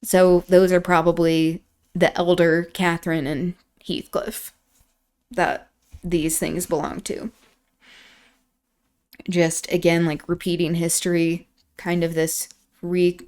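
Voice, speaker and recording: A woman reading a classic novel aloud on a stream, breaking off for quieter, reflective asides. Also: fairly low pitch, clean tone.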